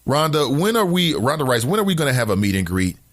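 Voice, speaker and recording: A man's voice: mid-range voice, fast. A man hosting a talk radio show, reading out listener comments and ranting emphatically about them in a casual way. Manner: animated, emphatic, preachy rants.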